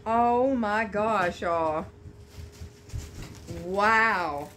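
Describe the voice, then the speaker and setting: A woman vlogger chatting to camera at home while unboxing a gift, gushing and excitable. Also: mid-range voice, drawn-out words, a little hiss or hum. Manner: gushing, excitable, Southern-style "y'all". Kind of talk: casual chat to camera.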